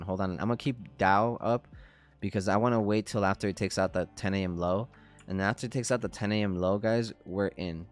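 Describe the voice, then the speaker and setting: A man in his thirties hosting a trading livestream, telling stories in a laid-back, profane way and laughing often. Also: lowish voice. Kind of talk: casual livestream chat.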